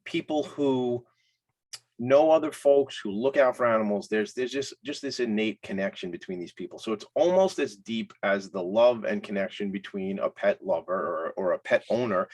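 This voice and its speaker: A man hosting a casual talk show, hyped, loud and playful. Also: on the low side, expressive, normal speed. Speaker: host.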